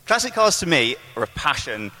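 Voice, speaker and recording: A man's voice: fairly high pitch, sing-song, brisk, bright, forceful tone. A man giving an earnest, enthusiastic prepared talk on stage. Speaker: lightning talk speaker. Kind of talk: prepared presentation. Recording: reverberant hall over a PA.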